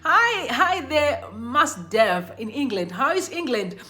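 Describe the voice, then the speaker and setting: A young woman from Zimbabwe hosting a casual live stream, chatting bubbly with viewers and giving shout-outs by name. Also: high-pitched, sing-song, takes it slowly. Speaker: livestream host. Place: Johannesburg.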